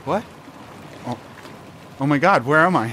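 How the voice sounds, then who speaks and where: A man's voice: fairly high pitch, animated, measured pace, bright, forceful tone, a little hiss or hum. A man co-hosting a comedy podcast, chatting playfully and giggling as he improvises silly bits. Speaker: podcast co-host. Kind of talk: casual comedic chat.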